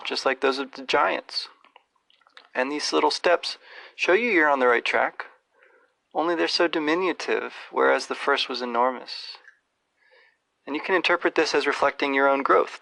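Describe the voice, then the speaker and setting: Gravelly, bright-toned reflective male commentator. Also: mid-range voice, no room sound, low-quality recording. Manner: thoughtful, digressive, measured. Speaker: podcast host.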